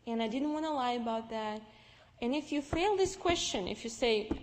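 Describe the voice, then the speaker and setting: A young woman with a Russian accent, Russian-speaking by birth, telling her personal faith story to an audience in a lively, storytelling way. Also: on the high side, moderate pace. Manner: lively storytelling with restarts and acted-out dialogue. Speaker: speaker giving testimony. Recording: long reverb from a large hall.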